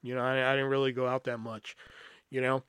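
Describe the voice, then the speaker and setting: Speaking a little fast with a flat delivery, a podcast host rambles through a personal story, casual, profane and full of fillers. His mid-range voice is fairly bright, clear and resonant, recorded cleanly in a studio with no room sound.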